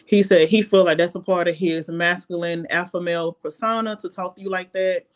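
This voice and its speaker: A woman's voice: lowish voice, fairly even intonation, fairly quick. A woman from Alabama with a Southern US accent, a podcast guest talking in casual conversation, blunt and emphatic, repeating words as she builds a point.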